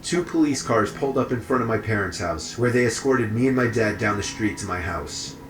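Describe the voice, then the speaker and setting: A man reading a first-person horror story aloud in a steady, even way. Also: on the low side, fairly quick. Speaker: story narrator. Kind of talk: scripted horror story narration. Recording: echoey with faint music behind.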